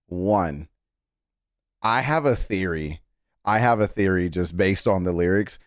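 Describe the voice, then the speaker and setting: A man hosts a casual live-stream reaction in a low voice, heard dry and close with no room around him. He is excitable, cusses freely and jumps up in pitch when something grabs him. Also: measured pace, dry recording. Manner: excitable, swears often, jumps high in pitch when worked up. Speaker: streamer reacting to music news.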